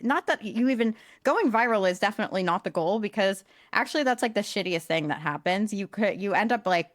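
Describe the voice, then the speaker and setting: A woman co-hosting a podcast who talks in a flat, self-described monotone with a casual, blunt manner and some mild swearing. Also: medium pitch, fairly quick, no echo, clean studio sound. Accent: accent others comment on, likened to a nasal New York voice. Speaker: podcast co-host, social media marketer. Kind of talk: casual chat.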